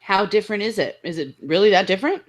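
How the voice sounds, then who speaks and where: Expressive woman chatting on a video call. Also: mid-range voice, quick pace. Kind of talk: casual chat.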